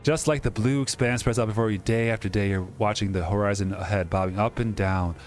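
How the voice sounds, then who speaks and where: A man's voice: lowish voice, steady tone, brisk. Joking man reading a game aloud. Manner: reads dramatically, breaks off to joke. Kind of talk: casual let's-play narration.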